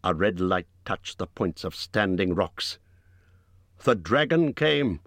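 A man reading an audiobook in measured, dramatic storytelling, recorded on a close studio mic. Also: sits low, sing-song, a bit bright, dry recording. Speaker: audiobook narrator. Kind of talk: scripted audiobook narration.

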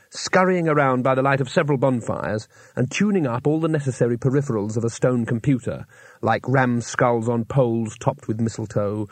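A man narrating an audiobook with steady, dry storytelling, recorded close on a studio mic. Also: mid-range voice, no room sound. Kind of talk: scripted narration.

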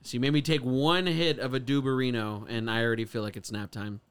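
A man's voice: medium pitch, fairly even intonation, fairly quick, crowd noise. A young man hosting a podcast, chatting in crude, joking banter. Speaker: podcast host. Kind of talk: casual chat.

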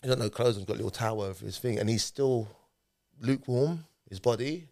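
A man appearing as a podcast guest tells a personal story in conversation, animatedly acting out what people said. His voice sits at medium pitch with vocal fry, and he speaks a little fast.

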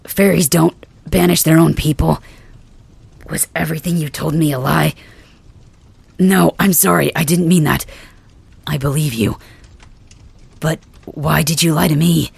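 A gruff young dragon king, voiced by a performer for an ASMR role-play, hurt and stubborn. His voice is heavily gravelly and husky, and he talks slowly and brusquely, cursing under his breath. The sound is close and dry. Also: mid-range voice, dry recording, heavily acted. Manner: gruff, brusque, swears, hesitant fillers. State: in pain, wounded.

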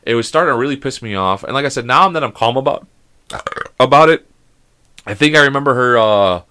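A podcast co-host tells a rambling story in casual chat, acting out the dialogue with animation and restarting often. His mid-range voice is brisk, clear and resonant.

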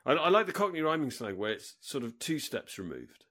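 Casting note: man, podcast co-host, animated pitch swings, eager explainer of slang. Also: brisk. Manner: enthusiastic storyteller, acts out little quotes. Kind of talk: casual chat.

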